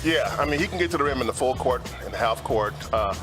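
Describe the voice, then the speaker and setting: A man talking as a sports analyst on a talk show, relaxed and rambling with lots of fillers. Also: medium pitch, fast, music in the background.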